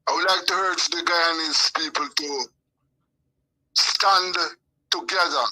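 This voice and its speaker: An older journalist giving closing remarks as a guest on a call-in, speaking in a slow, deliberate, measured way. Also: male voice, fairly high pitch, bright, forceful tone, rough recording. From Jamaica. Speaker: journalist and radio host guest.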